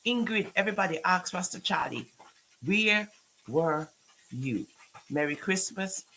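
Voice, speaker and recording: A woman's voice: on the low side, expressive, unhurried, bright, forceful tone, slight background noise, rough recording. A woman with a Jamaican accent doing a live-stream commentary, scolding people and talking back to her chat with patois phrases mixed in.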